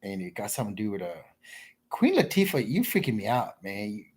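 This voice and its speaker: Husky rambling man muttering to himself. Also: big pitch swings, fairly quick. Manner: mumbling, trailing off into low asides; crude, rambling, self-interrupting. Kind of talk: rambling off-the-cuff commentary.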